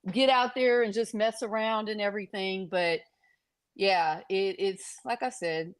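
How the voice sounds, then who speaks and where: A middle-aged woman, a podcast guest, telling casual stories about raising her deaf son, animated and quick to laugh. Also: medium pitch, clear, resonant tone. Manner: animated, acts out quoted voices, laughs often. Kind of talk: casual storytelling.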